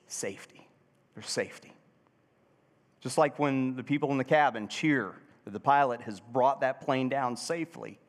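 A man preaching a sermon as pastor, asking the congregation questions and having them repeat words. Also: mid-range voice. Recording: hall reverb.

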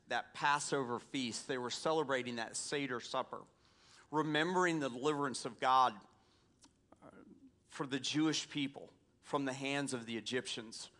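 With a medium-pitched and somewhat bright voice, this man from the American South preaches to his congregation. His sermon mixes prayer and scripture reading with a folksy, conversational tone and frequent asides to the people in the pews.

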